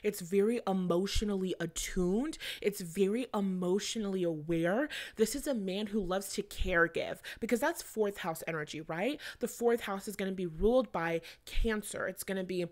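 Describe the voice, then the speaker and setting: A young adult woman gives her viewers a casual astrology reading, chatty and rambling, full of fillers and offhand swearing. Her medium-pitched voice moves at a moderate pace with few pauses.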